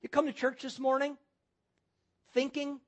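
A man's voice: very high voice, little pitch movement, measured pace. A man preaching a sermon as pastor, using repetition and rhetorical questions.

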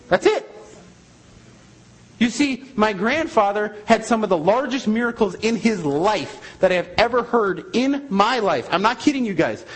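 A man's voice: high voice, animated, unhurried, breathy edge, poor audio. A man, a missionary, preaching a sermon and telling a story in an emphatic, repetitive way.

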